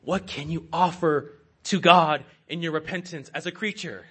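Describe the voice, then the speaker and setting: A man's voice: a little high, normal speed, sharp tone, breathy edge. A man preaching a sermon in an earnest, rhetorical way, calling his listeners saints.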